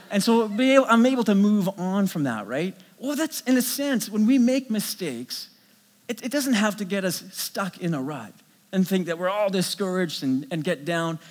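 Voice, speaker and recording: A sermon story rings through a big hall with a long echo as a middle-aged pastor speaks in a high, lively voice. He's animated but keeps restarting his sentences while building the tale.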